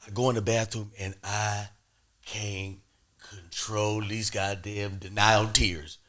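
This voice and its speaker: A young adult man hosting a podcast, telling a lively story and acting out both sides of phone calls. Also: on the low side, slow pace. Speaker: podcast host. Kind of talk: animated storytelling.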